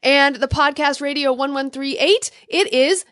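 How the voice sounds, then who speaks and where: A woman's voice: high voice, flat delivery, normal speed, fairly bright tone, no room sound, studio quality. A woman co-hosting a casual fan podcast, bubbly, giggly and enthusiastic. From United States. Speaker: podcast co-host.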